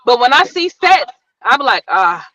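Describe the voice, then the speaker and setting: A woman comedian with a high, bright voice, chatting as a guest on a podcast. She tells her stories in an animated, profane way. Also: a little fast, dry recording, rough recording. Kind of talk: casual podcast chat, storytelling.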